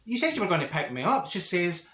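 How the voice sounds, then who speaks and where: In a roomy, echoing recording, a man plays a chatty Glasgow auntie with a high, sing-song voice, talking fast in a pushed, bright, exaggerated way. He does a Glaswegian Scottish accent as a straight-talking, gossipy middle-aged woman, telling a comic story to camera in a character monologue.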